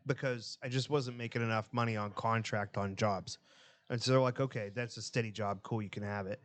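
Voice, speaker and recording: This podcast co-host, a man with a lowish voice, talks fairly quickly as he spins profane stories in a casual chat. He's animated and acts out the quotes of the people in his tales, swearing a lot along the way.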